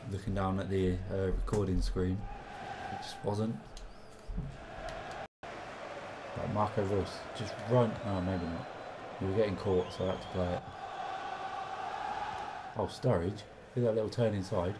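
A young man swearing and reacting excitedly while commentating his own football video game, with game music behind him. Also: deep voice, a little slow, pauses often, very noisy. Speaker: gaming commentator. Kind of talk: casual gameplay commentary.

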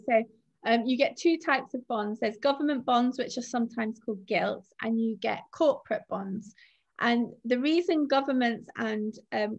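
Woman, financial adviser, fairly high voice, steady explainer. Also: creaky, lo-fi sound. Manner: explanatory, steady, thinks aloud with fillers. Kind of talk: presenting a finance talk.

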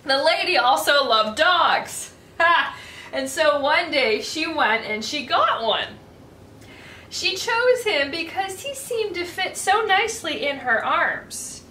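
A woman reading a picture book aloud to children in an animated way, asking her listeners questions as she goes. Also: sits high, slow pace. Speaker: children's storyteller. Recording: echoey room, distant mic, faint hiss.

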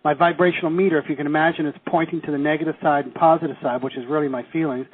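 A man's voice: a little high, very fast, a crowd in the background. Man teaching a seminar over tinny audio. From Canada. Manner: lively, asks the class questions, acts out quoted reactions.

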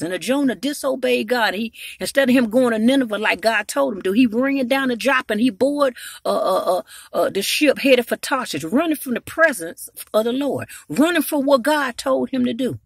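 A woman's voice: a little high, lively intonation, normal speed, creaky, slightly rough, no echo, clean studio sound. A woman evangelist preaching a sermon, telling Bible stories and rising in volume to exhort, with frequent hallelujahs.

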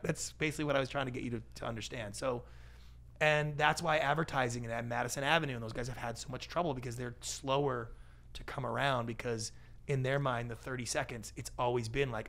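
Gravelly, animated man telling stories. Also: mid-range voice, fast. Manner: lively storyteller who acts out quoted voices. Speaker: guest, pitch expert and TV producer. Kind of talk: animated podcast interview.

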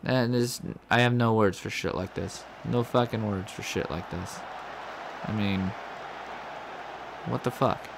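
A man's voice: fairly low pitch, steady tone, measured pace, gravelly, noisy background. A man commentating his own video game play, swearing and ranting in frustration at the game. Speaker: gaming commentator.

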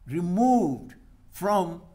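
A man's voice: high voice, sing-song, drawn-out words, dark tone. A man preaching a sermon, reading scripture aloud and putting questions to his listeners. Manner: reads scripture aloud and asks the congregation questions.

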